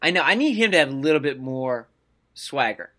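Animated bright-voiced man talking sports. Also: mid-range voice, brisk. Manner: animated, mimics players with voices. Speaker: podcast co-host. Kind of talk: casual sports chat.

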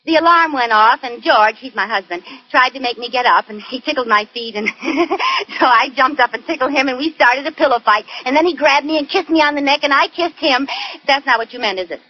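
A woman's voice: high voice, brisk, natural voice. An actress in her twenties playing a chatty, scatterbrained young wife in a 1940s radio comedy, bubbly and giggling. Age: 20s. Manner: bright, bubbly, giggling delivery. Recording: dull old radio broadcast.

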